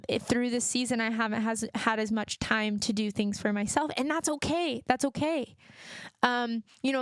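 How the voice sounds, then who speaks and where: A young woman talks alone into a close mic for her podcast, earnest and encouraging, drifting through fillers as she goes. Her fairly high voice carries a steady gravelly fry, and the recording is dry with no room sound. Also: no room sound. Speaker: podcast host. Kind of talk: solo podcast monologue.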